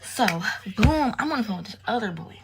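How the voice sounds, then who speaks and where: A woman's voice: fairly high pitch, lively intonation, brisk, heavy background noise. A young woman telling a storytime tale in casual, slangy, profane talk, retelling events with drama. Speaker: storytime vlogger.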